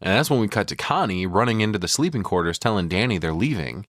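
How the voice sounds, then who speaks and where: A man's voice: fairly low pitch, animated, quick pace, a bit bright, dry recording, clean studio sound. A man co-hosting a podcast, retelling a film's plot in a casual, profane way with chuckles. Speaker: podcast co-host. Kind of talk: casual movie recap.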